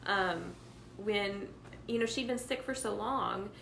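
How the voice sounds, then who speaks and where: A woman's voice: medium pitch, slow pace, creaky, fairly bright tone, roomy sound, a little hiss or hum, rough recording. A mother co-hosting a parenting talk, speaking personally while emotional and close to tears. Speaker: co-host, homeschooling mother.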